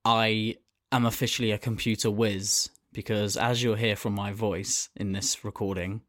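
A man's voice: lowish voice, level tone, moderate pace, fairly bright tone, no echo, clean studio sound. A man co-hosting a podcast, chatting in a teasing, mock-boastful way. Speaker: podcast co-host. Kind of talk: casual podcast chat.

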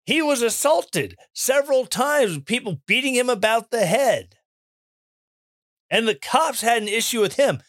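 A man giving opinion commentary in an animated, sarcastic rant, mimicking people he mocks. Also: extremely high pitch, unhurried, no room sound, clean studio sound. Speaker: commentary host.

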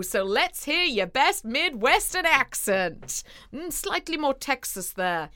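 A woman's voice: sits high, very animated, takes it slowly. A woman co-hosting a podcast, laughing often and reading listener letters aloud. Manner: warm-hearted, laughing, reads letters aloud. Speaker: podcast co-host. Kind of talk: casual chat.

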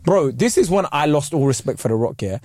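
A young man in casual chat, animated and slangy, often jumping up in pitch for emphasis. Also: fairly quick, no room sound.

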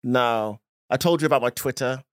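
A man co-hosting a comedy podcast in casual chat, tossing out jokey, deadpan provocative asides. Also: medium pitch, moderate pace, clear, resonant tone, dry recording, studio quality. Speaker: podcast co-host.

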